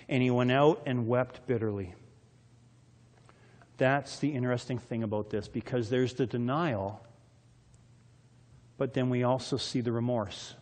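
A man preaching a sermon, reading scripture aloud and explaining it, with his loudness rising and falling dramatically. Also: medium pitch, unhurried, long pauses, long reverb tail. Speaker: pastor.

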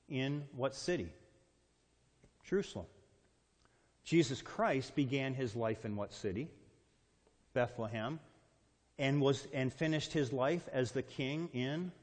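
A man's voice: medium pitch, a little mellow. A man preaching a sermon with emphatic delivery, reading scripture aloud and putting questions to the congregation. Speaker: pastor. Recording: long hall reverb.

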